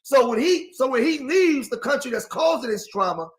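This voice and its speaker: A man with an African American English accent speaks at a moderate pace in a very high, expressive voice. He's in a casual talk-show discussion, arguing passionately and insistently.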